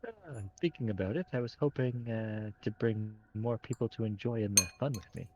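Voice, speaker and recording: Gravelly-voiced man roleplaying politely. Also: fairly low pitch, moderate pace, noisy background. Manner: polite, hesitant with fillers. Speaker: tabletop game player. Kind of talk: in-character roleplay chat.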